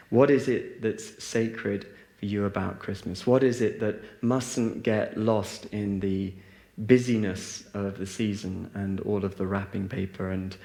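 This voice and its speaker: A man's voice: fairly low pitch, steady tone, a little slow, creaky, warm tone. Man, spiritual talk, reflective, many fillers and restarts, roomy echo. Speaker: speaker leading a group meditation. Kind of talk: spiritual talk to a live audience. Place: large hall with a live audience.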